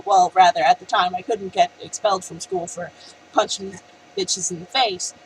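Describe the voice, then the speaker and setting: Young adult woman vlogger, animated and profane storyteller, lively pitch, faint hiss under the voice. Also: poor audio. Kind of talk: casual storytelling rant.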